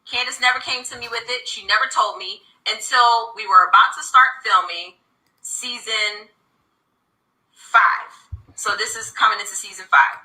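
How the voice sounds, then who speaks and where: A woman's voice: a little high, sharp tone. A woman in her thirties from reality TV, telling her side of a story in a candid interview, emphatic and indignant. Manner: emphatic, indignant, fast-talking. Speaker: reality TV cast member. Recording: roomy echo.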